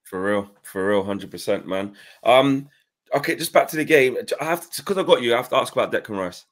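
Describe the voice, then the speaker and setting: A man hosting a casual interview, asking long rambling questions and dropping quick affirmations. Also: medium pitch, animated. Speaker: host.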